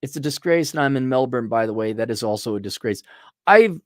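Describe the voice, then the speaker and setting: Man, livestream host, blunt and sardonic, mocking falsetto asides, dry close mic, mid pitch. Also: expressive, fairly quick, no room sound. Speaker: livestream host reading viewer donations. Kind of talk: casual livestream commentary.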